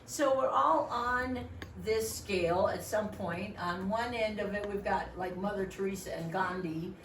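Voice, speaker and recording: A woman's voice: mid-range voice, a little slow, echoey room, far from the mic, a little hiss or hum, rough recording. A middle-aged woman training volunteers in a meeting room, joking often and acting out what other people say. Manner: animated, joking, acts out quoted voices.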